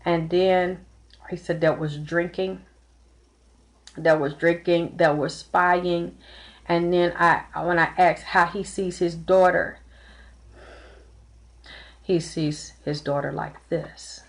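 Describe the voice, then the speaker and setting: A woman's voice: lowish voice, fairly even intonation, slow pace, pauses often. A woman giving a live-streamed tarot and spirit reading, talking earnestly and emotionally, often repeating herself. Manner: close to tears at times. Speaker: tarot reader and psychic.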